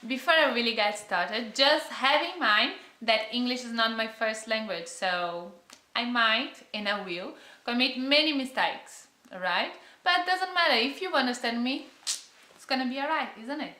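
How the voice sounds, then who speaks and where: A woman's voice: a little high, expressive, normal speed, sharp tone, reverberant. A young woman from Brazil with a Brazilian accent, chatting to camera in a casual vlog and often searching for words. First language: Portuguese. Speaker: vlogger.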